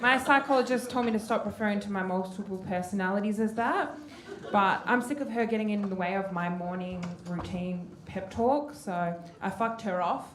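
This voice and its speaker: A woman's voice: mid-range voice, normal speed. Young woman comic, brash and self-deprecating, echoey noisy room. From Western Australia. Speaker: stand-up comedian. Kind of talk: stand-up set. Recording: echoey club with background noise.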